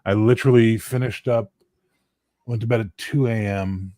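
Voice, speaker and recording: A tired man chatting casually as co-host, swearing and joking with big swings in loudness. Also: on the low side, steady tone, normal speed, no room sound, clean studio sound. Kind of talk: casual chat.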